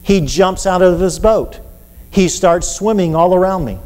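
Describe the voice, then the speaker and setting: A man preaching a sermon, telling a story with animated delivery and acting out cries for help. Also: high-pitched, unhurried. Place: church. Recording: reverberant church hall with faint ambience.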